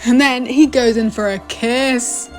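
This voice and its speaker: A woman's voice: on the high side, steady tone, measured pace, faint music behind. A young woman rambling through a casual anime review, her chat full of fillers and exclamations. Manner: rambling and chatty, full of "like" and "oh my gosh".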